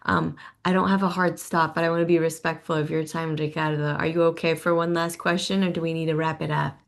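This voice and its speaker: A woman hosting a video call, steering the talk politely and speaking quickly. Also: low voice, flat delivery, vocal fry. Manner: friendly, quick, polite moderator. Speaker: host. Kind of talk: casual video call chat.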